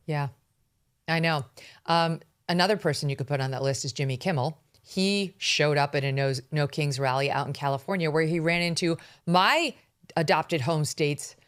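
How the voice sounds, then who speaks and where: A woman's voice: low-pitched, moderate pace, smooth. A woman hosting a political commentary podcast, talking in a sarcastic, indignant, mocking way. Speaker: host.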